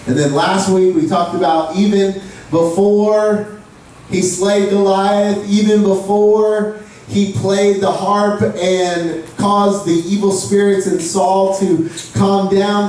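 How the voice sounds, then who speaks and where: High-voiced pastor in an echoey hall. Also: male voice. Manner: storytelling, acts out voices with rising excitement. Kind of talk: casual sermon. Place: church sanctuary. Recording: echoey room, from far off, faint noise.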